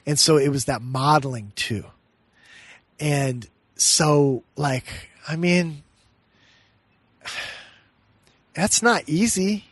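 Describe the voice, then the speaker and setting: A middle-aged man speaks with a slightly raised pitch, close and dry with no room sound. He tells personal stories earnestly and reflectively as a meditation teacher, and often laughs softly mid-sentence. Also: very slow, pauses often, slightly rough, no echo. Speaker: meditation teacher and podcast guest. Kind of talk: heartfelt personal storytelling in conversation.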